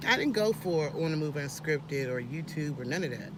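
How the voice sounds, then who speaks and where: A woman talks in a casual, preachy vlog, animated and sermon-like, often restarting her sentences. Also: low voice, moderate pace, background noise. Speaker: vlogger.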